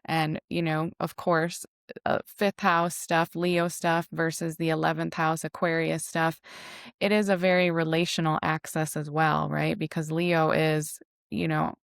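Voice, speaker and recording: A woman astrologer talks in a flowing, reflective way, leaning on "you know" and "right" as she explains. Her voice is somewhat low, with a gravelly texture that still sounds smooth and resonant. The sound is dry and close. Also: flat delivery, measured pace, no echo. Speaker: astrologer guest. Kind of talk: casual podcast conversation.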